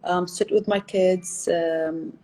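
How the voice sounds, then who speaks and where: A woman's voice: on the low side, fairly even intonation, takes it slowly, mellow, slight background noise, low-quality recording. A woman fitness trainer answering interview questions, laughing often and using many fillers.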